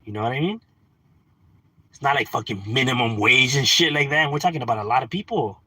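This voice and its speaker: Man, casual stream rant, bright tense voice, dry close sound, slangy, curses a lot. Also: medium pitch, brisk, slightly rough, no room sound. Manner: animated, swearing, slangy, laughs often. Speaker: livestream host.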